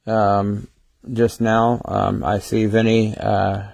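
Tired man with a low, flat voice. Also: creaky. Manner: halting, many fillers and restarts. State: tired, short on sleep. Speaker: livestream host. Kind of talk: casual livestream talk.

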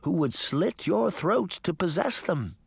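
Male narrator doing a grumbling magic-mirror butler, prim, pitched up, animated. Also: a little slow, gravelly, husky, no room sound, studio quality, exaggerated voice. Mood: grave warning. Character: fussy, stern magic mirror servant, a short man. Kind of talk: audiobook character voice.

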